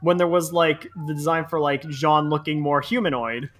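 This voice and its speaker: A man's voice: fairly high pitch, fairly even intonation, moderate pace. A young man from Central New Jersey, co-hosting a podcast in a casual, rambling chat full of fillers. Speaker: podcast co-host.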